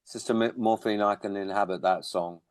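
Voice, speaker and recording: Wry, rambling musician. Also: male voice, fairly low pitch, fairly even intonation, a little fast, no echo. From born in England, raised in Australia. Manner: rambling, wry, self-deprecating humor. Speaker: musician guest. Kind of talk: casual interview chat.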